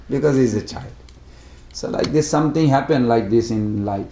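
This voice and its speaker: A man speaking to a devotional study group, telling a story in an animated way and acting out the characters. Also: mid-range voice, normal speed, slight background noise. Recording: roomy echo.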